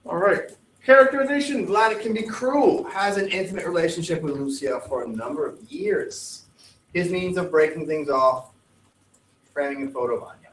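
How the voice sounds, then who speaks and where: Man, teacher, classroom lecture, animated, joking, echoey room. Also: on the high side, normal speed. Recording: echoey classroom with faint ambience.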